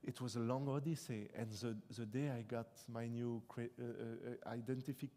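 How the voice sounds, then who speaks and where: A young French man whose first language is French talks in English with a mellow, darker tone, reflective and halting, often circling back to restart a sentence. His voice carries the long reverb of a large hall. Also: mid-range voice, steady tone, slight background noise. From France. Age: 20s. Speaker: author being interviewed. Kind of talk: live stage interview. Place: debate hall on stage.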